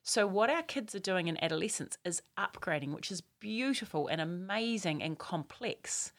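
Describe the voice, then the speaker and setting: A woman explaining teen development in lively conversation, laughing often and acting out quotes. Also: lowish voice, normal speed. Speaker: parenting expert guest. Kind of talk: explanatory chat.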